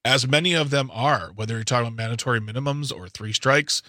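A man with a bright voice co-hosts a talk radio show, giving his opinions emphatically and often restarting his sentences. The recording is dry and close. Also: medium pitch, quick pace, dry recording.

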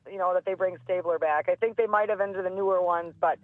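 A woman's voice: on the low side, fairly even intonation, quick pace, no echo. Upbeat young woman on a phone line. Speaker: radio show guest. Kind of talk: casual phone chat.

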